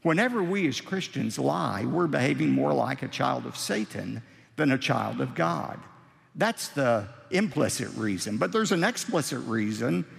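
Gravelly guy preaching, voice goes up and down a lot, slows way down to hit a point. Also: medium pitch, in a large hall. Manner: animated preaching with dramatic slow emphasis. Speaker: pastor. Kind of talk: sermon.

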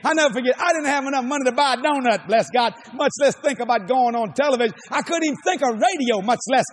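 An older man with a Cajun accent preaching a sermon, emphatic and repetitive, often shouting his lines. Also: extremely high pitch, fast talker, a little hiss or hum.

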